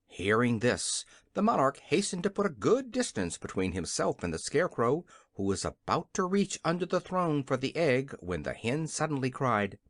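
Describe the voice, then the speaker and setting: An audiobook narrator reading a children's fantasy story in an expressive, scripted style. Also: medium pitch, moderate pace, few pauses, no room sound, clean studio sound.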